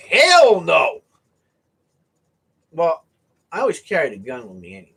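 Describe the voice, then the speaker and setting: A man from the US East Coast spins a casual anecdote, his husky voice swinging up high and jumping all over. He keeps checking in with "right?" as he goes. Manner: animated, keeps asking "right?". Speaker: storyteller.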